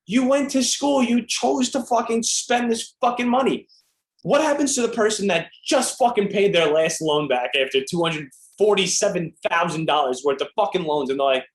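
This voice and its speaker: A man with a high voice, ranting on a podcast. He gives profane, opinionated takes. His voice rings in a roomy, echoey space. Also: normal speed. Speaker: podcast co-host. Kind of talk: casual podcast chat.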